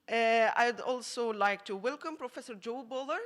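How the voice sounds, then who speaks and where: A woman from Egypt, a math teacher giving an emotional acceptance speech, laughing often and pausing with fillers. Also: on the high side.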